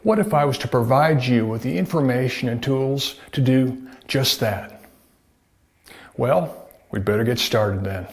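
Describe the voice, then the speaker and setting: A man's voice: medium pitch, measured pace. Folksy man, a doctor. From United States. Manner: folksy, asks rhetorical questions. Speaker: doctor presenting a health video. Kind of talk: scripted talk to camera.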